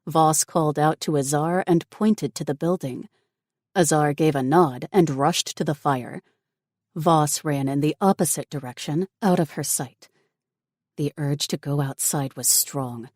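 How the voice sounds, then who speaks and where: A woman narrating an audiobook in steady, even scripted narration. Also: sits low, a little slow, no echo, studio quality.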